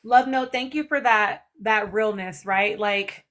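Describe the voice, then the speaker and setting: A woman's voice: medium pitch, measured pace, a bit bright. A woman hosting a live panel discussion, earnest and reflective, calling her viewers y'all. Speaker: live stream host.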